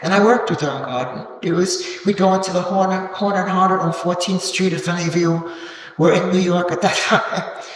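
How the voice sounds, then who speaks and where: An older man giving a rambling, halting gallery talk as a guest, reminiscing with many pauses and fillers before an audience. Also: high-pitched, steady tone. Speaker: cultural documentarian, guest. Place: gallery event room with an audience. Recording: echoey hall, distant mic, faint noise.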